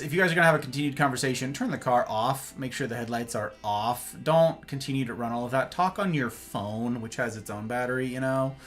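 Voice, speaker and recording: A man on a livestream tells a rambling, self-mocking story in a loose, chatty way. His pitch swings widely as he talks, and quiet music plays behind him. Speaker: livestream host.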